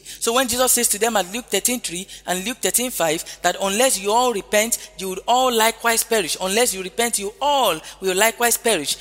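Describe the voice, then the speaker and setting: A man's voice: sits high, a bit bright. A man preaching a sermon, emphatic, repeating key phrases and calling out hallelujah often. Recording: long hall reverb with faint music.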